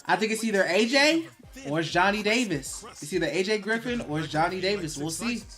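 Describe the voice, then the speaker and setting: A man's voice: high voice, lively intonation, brisk, pushed and bright. A man hosting a live draft watch party, restless and nervous, chatting with viewers and reading their comments aloud. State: nervous and excited. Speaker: live stream host.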